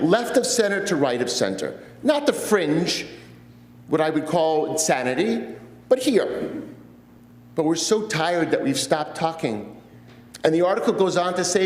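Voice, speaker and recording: Fifties guy rabbi giving a sermon, earnest storytelling, bit high voice, echoey church. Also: darkish tone. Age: 50s. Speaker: guest preacher, rabbi. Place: church sanctuary.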